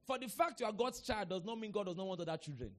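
A middle-aged man with a Nigerian accent, preaching a sermon with sudden shouted bursts and call-and-response with the congregation. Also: high voice, expressive, quick pace. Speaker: pastor.

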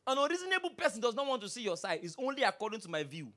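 Pastor mid-sermon; very animated, questioning, drops low then erupts. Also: very fast. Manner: preachy, rhetorical questions, swings from hushed to shouting.

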